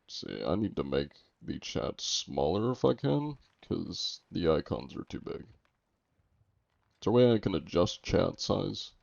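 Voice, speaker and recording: Young American streamer, wry and joking, mellow dark tone. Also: male voice, deep voice, big pitch swings, a little slow, gravelly, no room sound. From United States. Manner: joking, reads chat aloud and answers it. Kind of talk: casual livestream chat. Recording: dull lo-fi stream audio.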